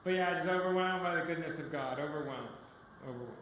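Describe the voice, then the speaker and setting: A man speaking as a guest speaker, telling his personal testimony to an audience as an animated storyteller who acts out the dialogue. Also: sits high, fast, slight background noise. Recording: echoey hall with long reverb.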